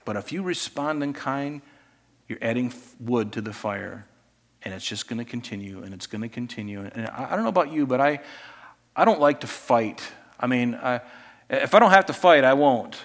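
A man preaching a sermon, animated, swinging between loud emphasis and quiet asides. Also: medium pitch, moderate pace. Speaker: pastor.

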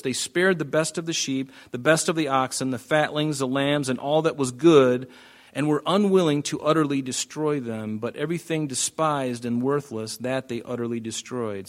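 A pastor giving a casual, conversational Bible teaching with joking asides and frequent restarts. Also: male voice, medium pitch.

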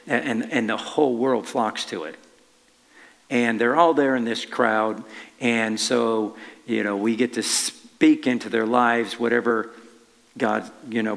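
Man preaching in a reverberant hall. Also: fairly low pitch. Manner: halting, conversational, with frequent restarts. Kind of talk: conversational sermon with a personal story.

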